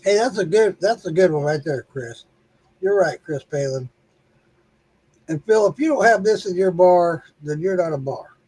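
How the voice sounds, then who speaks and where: A man's voice: sits high, expressive, normal speed, darkish tone, husky, no room sound, low-quality recording. A man co-hosting a casual livestream chat, joking and teasing and laughing often.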